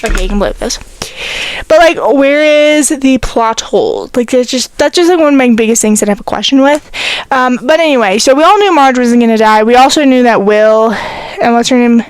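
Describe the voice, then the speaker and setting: A chatty teenage girl rambles through her casual podcast with a fairly high voice. Her voice is smooth and clear, and the recording is dry and close. She talks in long loose runs and sometimes runs short of breath. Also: animated, normal speed, dry recording. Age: teens. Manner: rambling, filler-heavy, talks to her cat. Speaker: podcast host. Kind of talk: casual chat.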